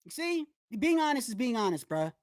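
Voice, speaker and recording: A woman's voice: fairly high pitch, fairly quick, dry recording, clean studio sound. Fired-up profane woman streamer. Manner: animated, profane, slangy, lots of restarts. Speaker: boxing channel host. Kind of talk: casual livestream commentary.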